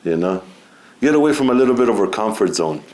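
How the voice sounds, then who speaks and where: A middle-aged man speaking as a guest at a seminar, relaxed and conversational, often saying "you know" and laughing between points. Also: on the low side, quick pace, slight background noise. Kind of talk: informal spiritual talk.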